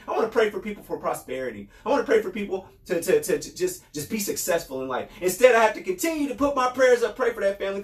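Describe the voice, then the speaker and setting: Heated high-voiced man in an echoey room. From New York State. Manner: heated and repetitive, often raising his voice. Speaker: podcast host. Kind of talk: impassioned commentary monologue. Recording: roomy echo.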